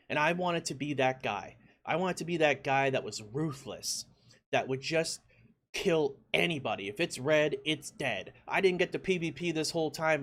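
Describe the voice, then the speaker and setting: A man at a mid pitch tells a gaming story in a loose, rambling way, leaning on filler words as he goes. When he acts out his own reactions he bursts into loud, excited shouts. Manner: lots of "like" fillers, conversational. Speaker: gaming YouTuber. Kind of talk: casual storytelling.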